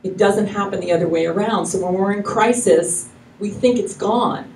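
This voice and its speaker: A woman's voice: medium pitch, normal speed, gravelly, darkish tone. A woman minister giving a casual, effusive sermon to her congregation, rambling loosely and restarting her sentences often. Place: church hall with live congregation. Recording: echoey hall, mic from far off, faint noise.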